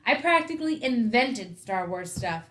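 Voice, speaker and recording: A woman's voice: fairly high pitch, sing-song, moderate pace, a bit bright, a little hiss or hum. A woman voicing a friendly, joking male ear doctor who explains things reassuringly, read aloud from a novel.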